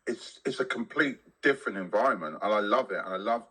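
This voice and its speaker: A man's voice: lowish voice, bright, forceful tone, breathy edge, rough recording. A man on a podcast chatting casually and jokily, often stopping and restarting his sentences. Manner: halting, restarts often, jokey. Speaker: podcast co-host.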